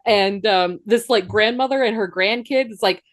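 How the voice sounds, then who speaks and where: A woman's voice: mid-range voice, a little slow. Laid-back chatty woman co-host. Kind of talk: casual anecdote telling.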